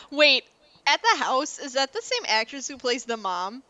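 A young woman chats on a podcast, her voice bright and a little high. She gets excited fast and laughs often. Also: dry recording. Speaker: podcast co-host. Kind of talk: casual chat.

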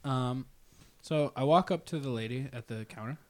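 A man's voice: mid-range voice, moderate pace. A man co-hosting a casual podcast, telling a funny story with laughter and acting out both sides of the dialogue. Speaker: podcast co-host.

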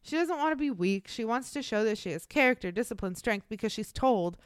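A young woman retells a true-crime story on her podcast in a loose, chatty way. She swears bluntly and fills her talk with "like". Her voice is clear and smooth, and the recording is close and dry. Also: a little high, expressive, a little fast, no room sound. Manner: blunt and profane, many fillers like "like". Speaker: podcast co-host.

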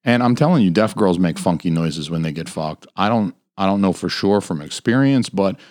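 A man's voice: low-pitched, lively intonation, moderate pace, darkish tone, dry recording. A man hosting a podcast alone, ranting crudely and rambling from topic to topic, full of swearing, from a home studio mic. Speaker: podcast host. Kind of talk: solo podcast rant.

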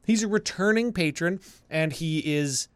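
A man's voice: high voice, normal speed, clear, resonant tone, dry recording. A man co-hosting a podcast, reading out supporter names in crude, joking banter. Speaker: podcast co-host. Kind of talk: casual podcast chat.

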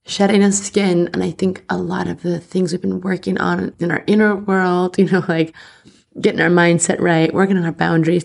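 A woman astrologer hosts her podcast from home, talking candidly with plenty of fillers. Her voice sits a little low, with a husky, gravelly texture. She sounds teary, close to crying. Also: a little mellow. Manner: candid, emotional, chatty with many fillers. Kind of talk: casual solo podcast chat.

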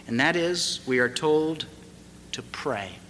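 A middle-aged male pastor preaches at an unhurried pace, his bright, forward tone carrying through a long-reverb church hall. He tells stories deliberately, pausing and then pressing points with rising emphasis. Faint ambience sits under his voice. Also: a little high, lively intonation, slight background noise. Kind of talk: sermon.

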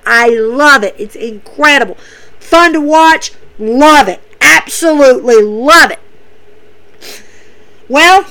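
A woman's voice: high-pitched, sharp tone. A woman casually recapping wrestling episodes, enthusiastic and repetitive, with many fillers.

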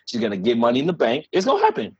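A man's voice: mid-range voice, wildly swooping pitch. A man co-hosting a podcast, making sarcastic predictions in casual chat. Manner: sarcastic, rapid-fire. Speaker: podcast co-host. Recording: dull lo-fi sound.

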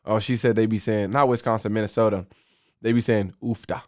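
A man's voice: fairly low pitch, steady tone, brisk. A young man co-hosting a podcast in casual chat, telling stories with frequent laughter and heavy slang. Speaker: podcast co-host.

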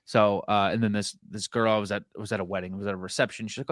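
A young man from New Hampshire, his voice on the low side, tells anecdotes in a relaxed way and leans on fillers. The recording is dry and close. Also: fast, few pauses, dry recording. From New Hampshire, USA. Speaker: podcast co-host. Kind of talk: casual chat.

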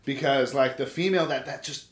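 A man in his thirties telling stories in casual chat, animated and profane. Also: medium pitch, a little fast. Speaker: podcast host. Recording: echoey room.

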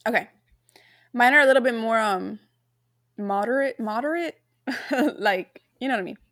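A woman's voice: a little high, moderate pace, fairly bright tone, no room sound, studio quality. A woman co-hosting a podcast in casual chat, playful, slangy and laughing often. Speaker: podcast co-host.

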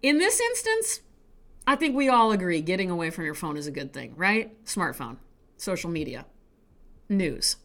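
A woman's voice: fairly low pitch, big pitch swings, normal speed, a bit bright. A woman hosting a solo podcast from home, talking in a rambling, chatty way that keeps interrupting itself. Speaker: podcast host. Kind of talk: casual solo podcast chat.

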